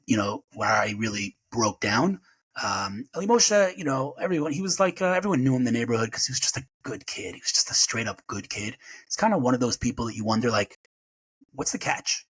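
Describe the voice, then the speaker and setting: A man in his forties, a podcast guest sharing emotional memories in a rapid, halting way full of restarts. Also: on the low side, fairly bright tone, husky, rough recording. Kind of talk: emotional personal remembrance.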